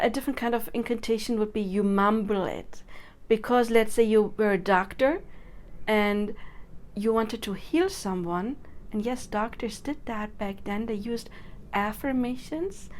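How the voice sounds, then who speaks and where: A young woman with a somewhat high voice explains affirmation methods to camera. She talks in a loose, chatty way and laughs often between points. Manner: chatty, laughs often, demonstrates chants and loud incantations. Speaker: manifestation coach. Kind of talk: casual teaching to camera.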